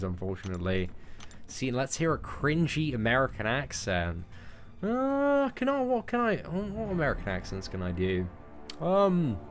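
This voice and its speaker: A man's voice: medium pitch, a bit bright. Young English man chatting on stream. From England. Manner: chatty, reads viewer questions aloud and answers off the cuff. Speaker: gaming streamer. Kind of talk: live stream Q&A chat.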